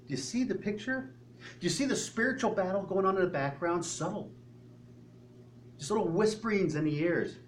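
A man's voice: high voice, normal speed. A male pastor preaching a sermon in an earnest manner, asking the congregation many rhetorical questions. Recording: distant mic with faint hum.

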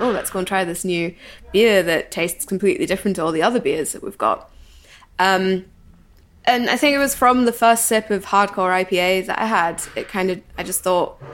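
A woman's voice: on the low side, a little hiss or hum. A woman in her twenties from North East England, speaking frankly as an interview guest in a posh Geordie accent with a Scottish tinge, laughing often. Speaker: guest brewer. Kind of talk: interview conversation.

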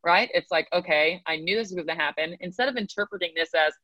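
A woman's voice: lowish voice, fast talker, hardly any pauses, bright, forceful tone, dry recording, low-quality recording. A woman speaking as a guest coach in a casual podcast conversation, talking emphatically and checking in with "right?" again and again. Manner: emphatic, repeats "right?" often. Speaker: mental performance coach guest.

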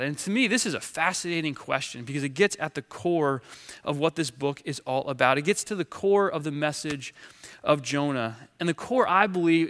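A man's voice: fairly high pitch, fairly bright tone. A man preaching a sermon from a stage, telling the story earnestly with frequent restarts. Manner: earnest storytelling with many restarts and acted quotes. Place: large hall with stage. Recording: long hall reverb.

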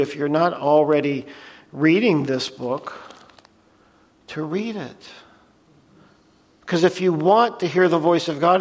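Male pastor, sermon, earnest scripture reading, slightly high voice, long hall reverb. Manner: earnest, reads scripture aloud between plain explanations.

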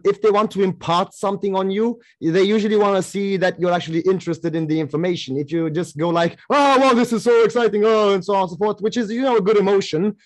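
A man from Romania, a podcast guest, talking casually in a rambling way with many fillers. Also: sits high. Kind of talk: casual conversation.

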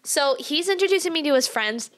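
A young woman co-hosting a podcast, telling a story in a casual, animated way, swearing and laughing often. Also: sits high, brisk. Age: young adult. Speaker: podcast co-host. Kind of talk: casual chat.

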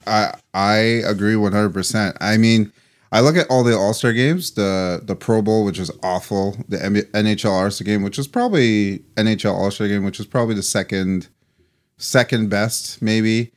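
Lower voiced guy on a sports podcast, kinda rambly, laughs a bunch. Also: moderate pace. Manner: laughs often, loose and rambling. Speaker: podcast co-host. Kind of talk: casual sports podcast chat.

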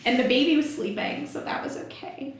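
A woman's voice: sits high, a little fast. A woman in her thirties, a podcast guest telling a personal story frankly, swearing freely and laughing often. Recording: very echoey room, faint noise.

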